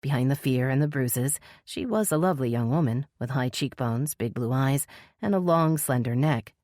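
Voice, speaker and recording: Woman reading an audiobook, very deep voice, dead dry studio sound. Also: normal speed, a little mellow, no room sound. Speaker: audiobook narrator. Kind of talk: scripted narration.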